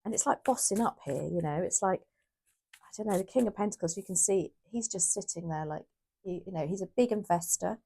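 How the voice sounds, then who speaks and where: A woman's voice: mid-range voice, brisk, creaky, mellow, husky. A woman giving a casual, chatty tarot reading to her viewers, often correcting herself as she thinks aloud. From United Kingdom. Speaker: tarot reader.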